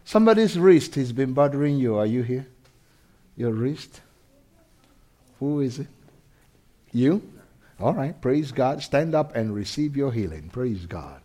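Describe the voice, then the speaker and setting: A man preaching a sermon, animated, swinging from loud shouts to quiet intensity, laughing between lines. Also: medium pitch, measured pace, pauses often. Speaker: pastor.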